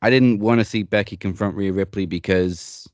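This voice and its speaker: A man hosting a casual wrestling news podcast, opinionated and quick to swear in passing. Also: on the low side, fairly even intonation, no room sound. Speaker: host.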